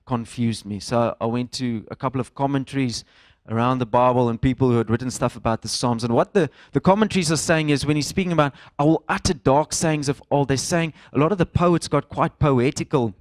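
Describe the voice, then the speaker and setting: A man's voice: mid-range voice, brisk, no echo. A man, preaching a conversational sermon to a church congregation, with fillers and stray Afrikaans phrases. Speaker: pastor.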